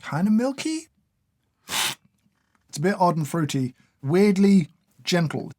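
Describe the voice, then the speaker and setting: A man's voice: sits high, sing-song, unhurried, darkish tone. Dry, sardonic man tasting. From United Kingdom. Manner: dry, sardonic, mock-exasperated. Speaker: coffee reviewer. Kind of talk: casual taste-test commentary.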